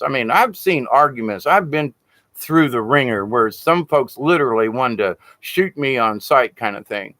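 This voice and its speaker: Male shaman teacher with a lively, swinging delivery, plain-spoken and blunt, who swears casually. Dry, close sound. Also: medium pitch, moderate pace, no room sound. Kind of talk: informal spiritual teaching monologue.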